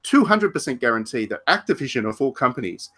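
A man's voice: medium pitch, very animated, fast talker, a bit bright. A man co-hosting a podcast, chatting casually about video games with frequent restarts and laughs. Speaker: podcast co-host. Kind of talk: casual game discussion.

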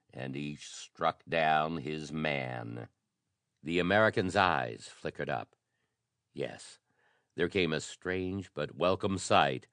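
Deep male audiobook narrator, dramatic reading, dry studio sound. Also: fairly bright tone, no room sound. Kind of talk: audiobook reading of pulp adventure fiction.

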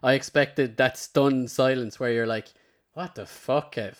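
A man chatting as a podcast guest, with an ordinary mid pitch. He tells his tale loosely and swears freely. When he quotes his past self, he drops into a low mutter. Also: fairly even intonation, a little slow. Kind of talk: casual storytelling chat.

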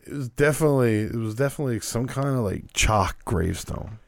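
A man talking wrestling in loose, profane podcast chat. His pitch swings widely as he riffs. The sound is dry and close to the mic. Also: brisk, gravelly, no echo. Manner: profane, animated, laughs often. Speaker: podcast co-host. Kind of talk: casual chat reviewing wrestling.

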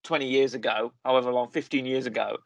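A podcast co-host chats casually while reviewing a series, talking fast in a steady, gravelly, mid-range voice. He rambles, corrects himself often and fills his speech with fillers, and the recording is dry.

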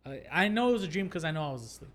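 A man's voice: fairly high pitch, very fast. A man hosting a casual podcast at his house, telling ghost stories and swearing freely. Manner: swears freely, animated storytelling. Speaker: podcast host. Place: his own two-story house.

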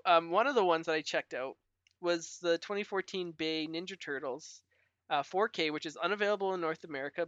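A man's voice: fairly high pitch, bright, forceful tone, clean tone, no room sound, highs cut off. A man co-hosting a podcast in casual chat, talking in a loose, chatty way with many "like" fillers and frequent laughs. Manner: chatty, heavy use of "like" fillers, laughs often. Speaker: podcast co-host.

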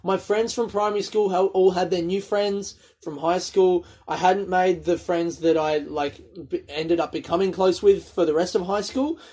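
A man's voice: sits high, steady tone, normal speed, a little mellow, slightly rough. A man, telling rambling, sweary stories on his own and laughing at his own jokes. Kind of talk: casual solo storytelling.

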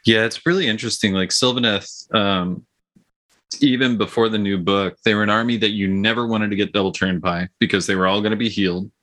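A man's voice: on the low side, fairly even intonation, brisk, fairly bright tone. A man co-hosting a casual podcast about tabletop gaming, eager and full of likes and ums. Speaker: podcast co-host.

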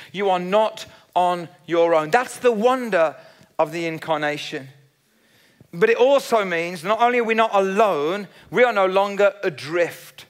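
Man, pastor, high voice, earnest emphatic sermon, repeats lines.

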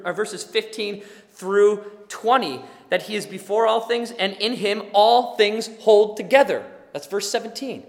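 A man preaching a sermon as pastor, impassioned and building to emphatic, forceful delivery. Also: sits high, big-room sound.

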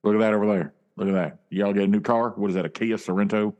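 A man with a low voice plays an improv scene in a thick, put-on Southern drawl. He drags out his words and tacks "man" onto nearly every line, in a loose, comic way. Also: fairly even intonation, quick pace, darkish tone. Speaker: improv player.

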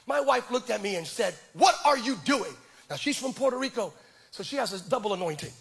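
A middle-aged male pastor preaching with animated, self-deprecating personal stories and frequent stammered restarts. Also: high-pitched, quick pace, gravelly, slightly rough. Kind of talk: sermon with personal storytelling.

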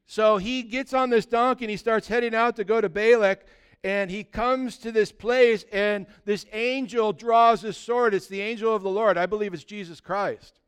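A man preaching a sermon, retelling a story in an animated, conversational way. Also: sits high, normal speed, clean tone.

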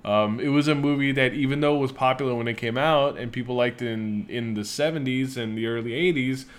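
Guy casually rambling about a movie, laughs a lot, swears, mid-pitched voice. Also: fairly quick. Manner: chatty, laughs often, swears freely. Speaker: podcast co-host. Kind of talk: casual movie review chat.

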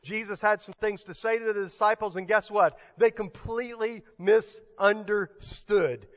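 A man's voice: high voice, fairly even intonation, a little fast, fairly bright tone, long reverb tail, lo-fi sound. A male pastor preaching a sermon in a conversational, emphatic way, often restarting his sentences.

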